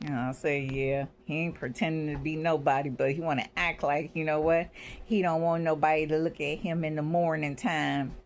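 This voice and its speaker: A woman's voice: lowish voice, a little hiss or hum. A woman rambling in a casual vlog, swearing freely, laughing often and quoting what she and others said. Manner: profane, laughing, quoting herself in asides. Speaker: vlogger.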